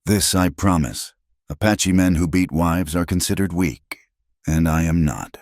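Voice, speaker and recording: A man's voice: low-pitched, measured pace, darkish tone, no room sound, clean studio sound. A man voicing a solemn, proud warrior who speaks in short, clipped, broken phrases.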